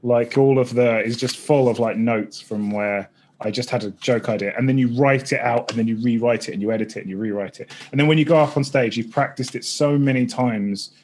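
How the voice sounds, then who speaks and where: A man in his thirties, a streamer and former stand-up comic, chatting excitably in a rambling interview full of tangents. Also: medium pitch, fairly quick, slight background noise. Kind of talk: casual interview chat.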